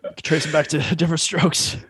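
A man's voice: on the high side, level tone, fast talker, fairly bright tone, slightly rough, dry recording. A man in his thirties telling stories in casual chat, rambling and leaning hard on filler words. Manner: rambling storyteller, heavy on "like" fillers, laughs at own jokes. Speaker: podcast guest.

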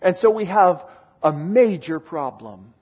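Husky-voiced male preacher, dramatic sermon. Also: expressive, unhurried, highs cut off. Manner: reads scripture aloud with dramatic swings from booming to hushed.

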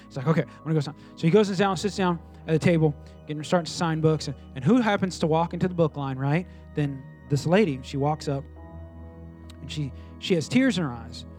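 A pastor preaching a sermon, telling a story with lively acted-out dialogue. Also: male voice, a little high, a little fast, faint music behind. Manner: animated storytelling, voices quoted people.

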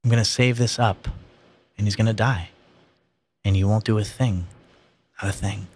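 A man reading aloud voices a scheming, menacing teenage older brother who taunts in low threats. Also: fairly even intonation, normal speed, husky.

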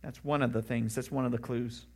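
A man's voice: mid-range voice, fairly even intonation, brisk, husky. A man, a pastor, preaching a sermon in an earnest, conversational way with emphatic rising questions.

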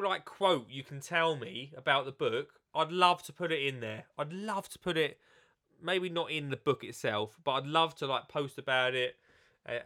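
Jokey bloke with a cold. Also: male voice, fairly high pitch, sharp tone. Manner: jokey, rambling, many restarts. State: has a cold. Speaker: author and gardening presenter. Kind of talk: casual live video chat.

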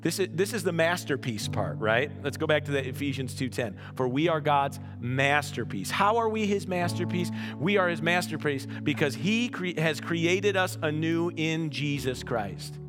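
A man's voice: a little high, expressive, moderate pace, few pauses, over music. A man preaching a conversational sermon as pastor, often restarting words and checking in with "right?".

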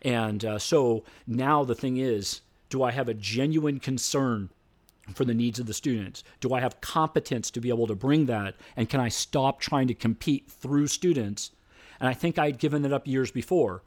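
This middle-aged man is a debate coach telling stories in an interview, his mid-range voice moving at a moderate pace. He's an animated storyteller who acts out the voices of the people in his tales.

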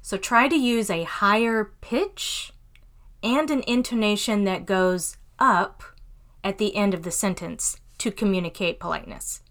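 A woman hosting a podcast English lesson, reading example phrases slowly and clearly. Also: mid-range voice, a bit bright. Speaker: English teacher and podcast host.

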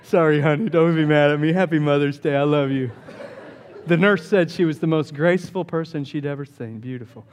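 A man's voice: a little high, fairly quick. A man preaching a sermon as pastor, telling stories with playful jokes. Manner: animated storytelling with jokes.

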